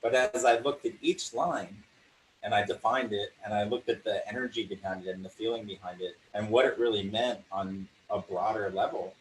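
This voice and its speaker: A man's voice: on the low side, steady tone, moderate pace. A man in a mid-range voice shares his thoughts as a guest, reflective and reaching for the word "like" as he goes. He is recorded from a distance in an echoing room, with a faint hum of ambience behind him. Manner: reflective, leans on the filler "like". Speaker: guest in a conversation about acting. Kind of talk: casual conversation. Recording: roomy sound from a distant mic.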